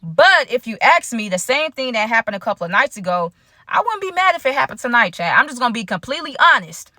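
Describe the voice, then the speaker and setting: A woman's voice: on the high side, big pitch swings, fast, bright, forceful tone, no echo, clean studio sound. A woman telling a personal story to her viewers in a casual storytime vlog, slangy and chatty, talking straight to the audience. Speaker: content creator telling a story.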